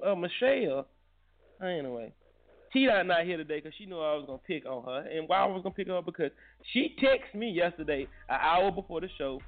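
Animated male talk host, phone-thin sound. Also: sits high, vocal fry, phone-quality sound. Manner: loud, joking, teasing, swears freely. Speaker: morning show host. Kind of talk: casual call-in chat.

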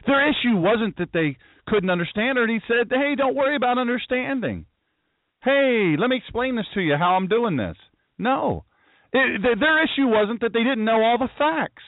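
A man's voice: extremely high pitch, animated, normal speed, no room sound, narrow, tinny audio. A man preaching a sermon who tells the story dramatically and acts out the voices of the people in it. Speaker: pastor.

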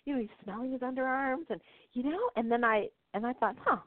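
A podcast host who teaches intuition tells stories on her talk show, chatty and casual, laughing often and checking in with "right?". Her voice is fairly high and a little fast. The sound is dry and narrow-band, like a phone, with no echo.

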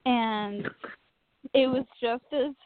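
A woman telling a story in casual chat, animated and self-mocking, swearing freely. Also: on the high side, takes it slowly, dry recording. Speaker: podcast co-host. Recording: tinny phone-like line.

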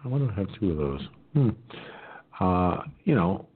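A man's voice: sits low, very animated, moderate pace, slightly rough. A man hosting a political talk radio show, rambling with many fillers and restarts, who says he has not eaten and may sound like his mouth is full. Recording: tinny phone-like line.

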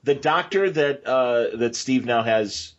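An easygoing man hosts a podcast, chatting loosely and laughing along with his guest. His voice sits at an ordinary middle pitch. The sound is dull and lo-fi. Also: takes it slowly. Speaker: podcast host. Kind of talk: casual podcast interview.

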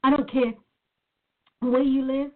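A woman's voice: sits high, level tone, slow pace. A woman talking earnestly in a motivational style as a life coach, repeating words for emphasis. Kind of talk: motivational talk to camera. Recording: tinny phone-like sound.

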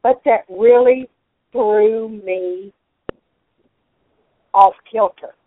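A woman's voice: mid-range voice, extremely slow, no room sound. Rambling older woman on a phone line. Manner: blunt, rambling. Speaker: host. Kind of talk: casual conversation. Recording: tinny phone line, dry.

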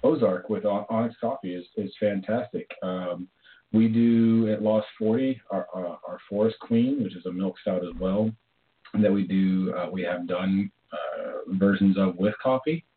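A man's voice: low-pitched, measured pace. A man hosting a casual beer chat, easygoing and hesitant, with lots of fillers. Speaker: podcast host. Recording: lo-fi phone-like sound.

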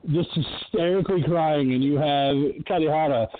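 Animated male podcast co-host, phone-like sound. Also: a little high, moderate pace. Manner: animated retelling, acts out quotes. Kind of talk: casual film discussion.

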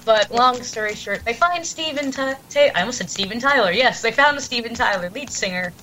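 A woman's voice: a little high, lively intonation, a little fast, sharp tone, soft background music, low-quality recording. A woman chatting as a guest on a podcast, enthusiastic and giggly, acting out quotes as she goes. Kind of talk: casual podcast chat.

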